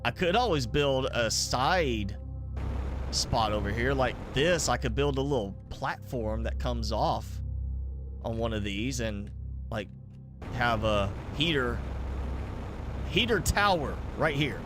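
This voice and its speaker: Man, mild southern accent, average pitch, casual rambling commentary, filler-heavy, music behind. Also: animated, takes it slowly, long pauses. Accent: mild Southern American. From American South. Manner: rambling, thinks aloud with many fillers. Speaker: gaming streamer. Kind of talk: casual live gameplay commentary.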